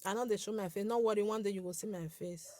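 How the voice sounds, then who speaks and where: A woman's voice: medium pitch, fast talker, a little mellow, no room sound. A woman in her forties with a Nigerian accent and a light, girlish voice, hosting a casual live chat with her followers. She talks in a chatty, scolding way, repeats herself and laughs often. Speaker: social media page host.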